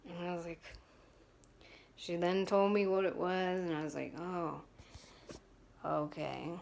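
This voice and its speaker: A woman's voice: on the low side, fairly even intonation, moderate pace, darkish tone, slight background noise. A woman in her twenties telling a personal story to camera in a frank, chatty way, with many fillers and restarts. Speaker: vlogger.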